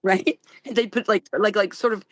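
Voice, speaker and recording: An older woman, a guest actress, telling stories in an interview, animated and laughing often. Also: medium pitch, normal speed, no room sound. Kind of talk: storytelling interview.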